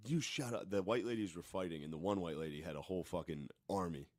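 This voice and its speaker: Low-voiced joking man. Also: fast talker, a little mellow, no echo, studio quality. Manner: joking, laughs often, swears. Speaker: podcast co-host. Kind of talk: casual chat.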